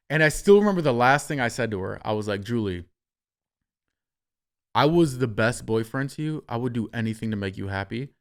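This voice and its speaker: A young man hosting a podcast, telling a story in a casual, animated way, swearing freely and acting out what people said. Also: mid-range voice, a little fast. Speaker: podcast host.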